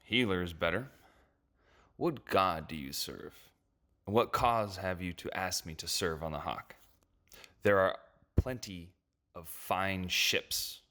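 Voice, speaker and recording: A woman's voice: rumbling low, unhurried, long pauses, fairly bright tone, voice pushed down. A woman voicing a stern male sky-ship captain who gives curt, clipped commands. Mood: guarded. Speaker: narrator voicing characters.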